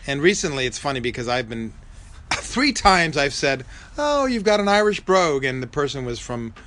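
A man's voice: a little high, sing-song, normal speed, a bit bright. A man co-hosting a podcast, wisecracking and laughing often in casual banter. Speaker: podcast co-host.

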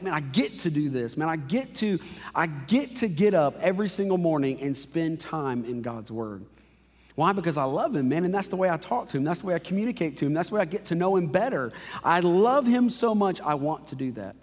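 A man's voice: medium pitch, darkish tone. A man in his thirties, a pastor, preaching a conversational and emotional sermon in a church auditorium. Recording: reverberant hall.

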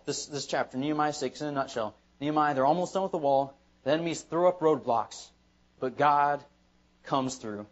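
A man pastor preaching an evening sermon in church, emphatic and repetitive. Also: a little high. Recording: dull lo-fi sermon recording.

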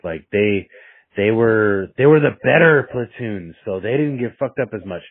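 A man's voice: lowish voice, expressive, moderate pace, no room sound. A young man casually telling a story with heavy swearing, rambling and restarting his sentences, heard over a dry, tinny, phone-like recording.

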